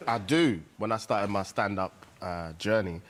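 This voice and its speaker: A man's voice: lowish voice, a little slow, a little hiss or hum. A male comedian on a panel show, telling a story in loose, teasing banter. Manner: hyped, loud, teasing. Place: TV studio with live audience.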